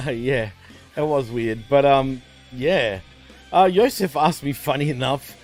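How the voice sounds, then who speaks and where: A man's voice: medium pitch, takes it slowly, darkish tone, soft background music. An Australian man co-hosting a casual wrestling chat show, laughing often and swearing loosely, with "man" and "bro" in nearly every sentence. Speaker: co-host.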